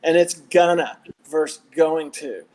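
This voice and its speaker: A man's voice: a little high, normal speed, over a noisy crowd, low-quality recording. A man from the American South with a Southern accent, telling rambling stories in a casual podcast chat, with lots of restarts. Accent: Southern American, Texas. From Southern United States. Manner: rambling storyteller with many restarts. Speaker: podcast guest.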